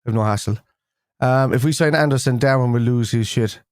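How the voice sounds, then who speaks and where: On a relaxed fan live stream, the young male host talks loosely with his viewers, drifting through fillers and restarted sentences. His mid-range voice runs a little fast, captured in a dry, studio-quality recording.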